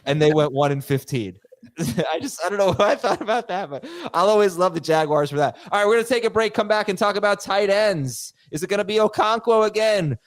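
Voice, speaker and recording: A man hosting a fantasy football show in casual chat, animated and quick to laugh at himself. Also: sits high, no echo. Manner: animated, laughing, self-mocking. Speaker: podcast host.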